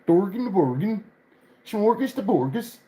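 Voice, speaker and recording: A man putting on a goofy mock-Swedish cartoon chef voice, babbling high, bouncy nonsense syllables. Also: big pitch swings, a little slow, mellow, poor audio.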